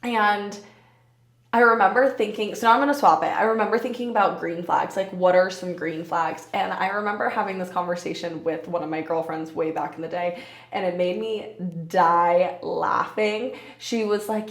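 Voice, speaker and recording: A woman's voice: mid-range voice, normal speed, reverberant. A young woman in her twenties hosting a casual solo podcast, candid and swearing freely, often breaking into laughter. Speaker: podcast host.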